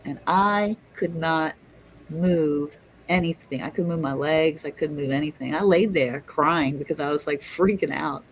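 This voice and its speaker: A middle-aged woman telling a story in casual chat, lively and swearing, acting out the people she quotes. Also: low-pitched, measured pace, a little hiss or hum, poor audio. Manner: animated, swearing, acts out quotes. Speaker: guest storyteller.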